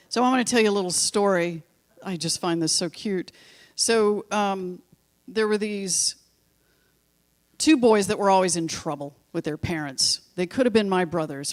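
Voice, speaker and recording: A woman minister preaching to her congregation in a church. She tells stories and drives points home through slow, deliberate repetition. She breaks off for chatty, informal asides to the room. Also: fairly low pitch, darkish tone. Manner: storytelling with slow, emphatic repetitions. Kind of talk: sermon. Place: church sanctuary.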